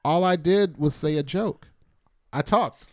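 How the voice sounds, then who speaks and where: Animated storytelling man, slightly high voice. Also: a little slow, dry recording, clean studio sound. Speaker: podcast guest, radio personality. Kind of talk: casual comedic chat.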